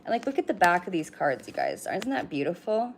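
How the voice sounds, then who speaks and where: A woman's voice: fairly low pitch, very animated, fairly quick, gravelly, slight background noise. A middle-aged woman giving a casual card reading on a livestream, chatty, swearing now and then, and talking straight to her viewers. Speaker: livestream oracle card reader.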